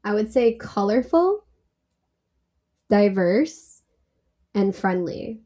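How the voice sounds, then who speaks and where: A woman being interviewed as a travel company founder, chatty and animated, laughing easily as she tells stories. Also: mid-range voice, slow pace. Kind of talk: casual interview.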